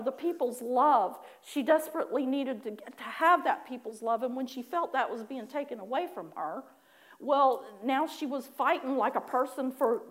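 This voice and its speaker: A woman preaching a personal testimony, animated in her storytelling, acting out her own prayers with laughing asides. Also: high-pitched. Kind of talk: sermon testimony.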